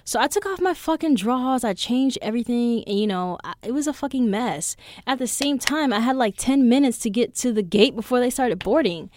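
A young adult woman hosting a podcast, telling stories in a casual monologue that is animated and full of swearing. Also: a little high, normal speed, dry recording, clean studio sound. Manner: profane, animated storyteller. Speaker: podcast host.

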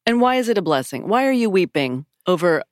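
A woman co-hosting a podcast in casual chat, wry and quick to laugh. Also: on the low side, very animated, dry recording, studio quality. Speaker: podcast co-host.

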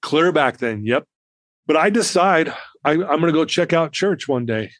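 A man in his fifties, a podcast guest telling a personal story in an animated way and acting out the people in it. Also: fairly high pitch, moderate pace, no room sound.

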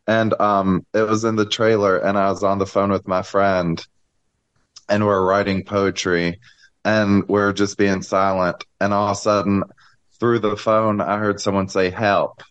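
Low-voiced man, rambling and emotional. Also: clear, resonant tone. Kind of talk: casual group chat. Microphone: video call.

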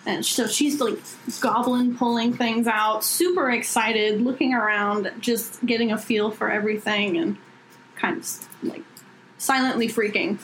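A woman's voice: on the high side, steady tone, unhurried, a bit bright. A woman player in a tabletop game, talking in a hesitant, chatty way. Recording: echoey room, faint noise.

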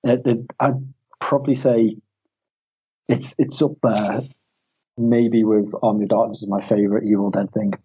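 A man's voice: fairly low pitch, flat delivery, moderate pace, long pauses, warm tone. A man co-hosting a podcast, chatting enthusiastically about films with stumbling repeats. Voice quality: husky. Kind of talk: casual chat about films and games. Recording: dull lo-fi recording.

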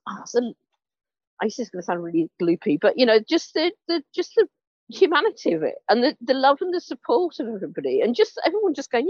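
A woman's voice: on the high side, sing-song, quick pace, darkish tone, dry recording, dull audio. A British woman from England, a podcast guest, bubbly and hesitant with many restarts. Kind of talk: casual interview chat.

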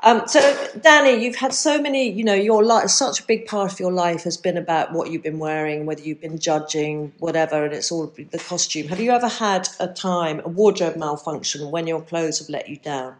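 A woman's voice: fairly low pitch, moderate pace, hardly any pauses. A middle-aged woman hosting a podcast, interviewing a guest in an enthusiastic, conversational way. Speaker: podcast host.

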